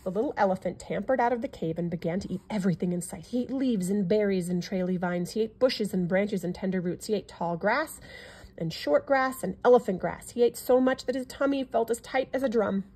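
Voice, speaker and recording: A woman reading a classic children's picture book aloud in an expressive storytelling manner. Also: medium pitch, fairly quick, breathy edge.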